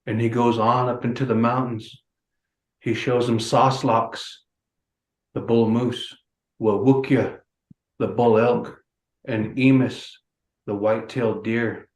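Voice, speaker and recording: A man telling a traditional animal story as guest speaker, in a measured, repeating storyteller cadence. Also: mid-range voice, level tone. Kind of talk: oral storytelling. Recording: roomy echo.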